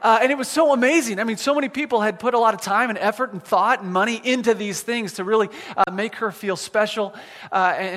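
A man preaching a sermon as a pastor, telling a personal story in a self-deprecating way, with many halting restarts. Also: high-pitched, fairly bright tone. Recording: long reverb of a large hall.

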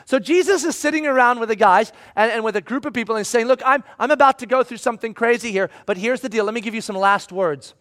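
Male pastor, high voice, lively sermon delivery that jumps from loud bursts to hushed asides. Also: moderate pace. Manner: animated, acts out everyday voices with big swings in loudness. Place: room with a live audience.

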